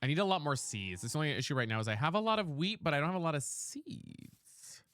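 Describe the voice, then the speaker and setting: A man's voice: on the high side, lively intonation, fast talker, fairly bright tone, no room sound. A man streaming a video game live, chatting casually and sassily while reading out his chat. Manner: sassy, chatty, reads chat aloud.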